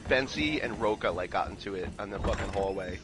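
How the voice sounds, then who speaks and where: A young man casually recalling high school teachers and pranks, swearing and laughing. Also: fairly quick, background noise. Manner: profane, laughing recollections. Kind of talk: casual chat with friends.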